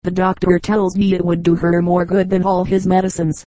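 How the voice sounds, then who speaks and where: A woman reading a children's story aloud as an audiobook narrator, in an even, measured way. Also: lowish voice, dry recording, rough recording. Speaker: audiobook reader. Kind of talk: scripted narration.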